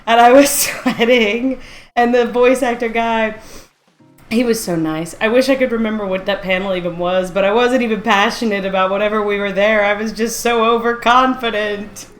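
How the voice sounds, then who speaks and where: A woman streamer telling stories in a casual, animated way, mocking herself and laughing often. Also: on the high side, moderate pace, roomy sound, faint music behind. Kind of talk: casual storytelling on a live stream.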